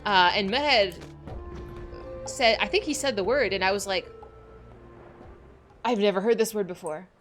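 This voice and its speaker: A woman from Los Angeles, chatting excitably with viewers during a gaming livestream, laughing often. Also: mid-range voice, a little slow, long pauses, soft background music. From Los Angeles, USA. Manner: excitable, giggly, greets viewers. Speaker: game streamer. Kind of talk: casual livestream chat while gaming.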